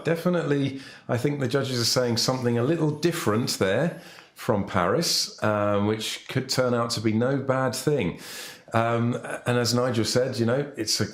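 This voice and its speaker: A man hosts a live online contest broadcast, keeping things chatty and handing the talk to his guests. His voice sits in a middle register and sounds roomy, with a clear echo around it. He speaks in a relaxed broadcast manner. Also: mid-range voice. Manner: chatty, inviting guests to comment. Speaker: livestream contest host.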